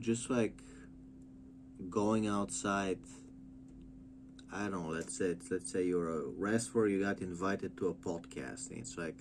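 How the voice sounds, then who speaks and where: Low-pitched man, slow profane rambling rant for a wrestling vlog. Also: darkish tone, slight background noise. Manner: rambling, mocking, lots of filler and restarts. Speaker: wrestling commentary vlogger.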